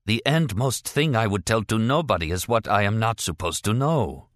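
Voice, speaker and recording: A man's voice: lowish voice, expressive, moderate pace, no echo, clean studio sound, natural voice. A man voicing a terrified condemned prisoner who speaks in stiff, oddly formal sentences, stressing his open O's. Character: terrified condemned man, Polish accent in Russian.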